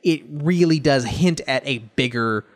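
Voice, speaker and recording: A man's voice: mid-range voice, unhurried. A man hosting a movie podcast in casual discussion, laughing often and swearing freely.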